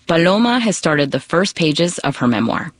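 A woman reporter narrating a scripted radio news feature in a measured, storytelling way. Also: sits low, very animated.

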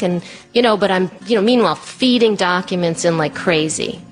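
A woman telling a personal story as a monologue, animated and acting out the voices of the people in it. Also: mid-range voice, normal speed, hardly any pauses, soft background music.

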